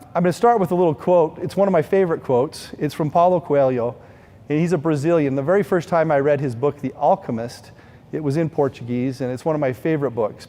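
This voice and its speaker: A man's voice: on the high side, dark tone, in a large hall. A middle-aged man giving an earnest, heartfelt storytelling speech at a benefit event.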